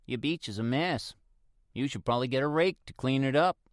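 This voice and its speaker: A man's voice: mid-range voice, a little fast, no room sound, voice pushed up, close to an everyday voice. A man voicing an older woman neighbor with a dry, teasing manner in an audiobook. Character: older woman neighbor, wry and warm-hearted. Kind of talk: audiobook character voice.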